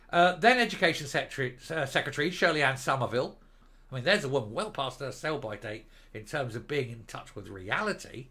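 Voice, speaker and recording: A man's voice: mid-range voice, animated, a little fast, pushed and bright. Sarcastic older man ranting. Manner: sarcastic, mocking, scornful. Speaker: political commentary host. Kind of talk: reading news and ranting.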